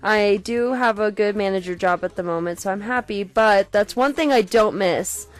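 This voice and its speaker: A woman's voice: mid-range voice, moderate pace. A young woman from Colorado, chatting loosely on a podcast, rambling and swearing freely. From Colorado, USA. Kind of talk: casual chat.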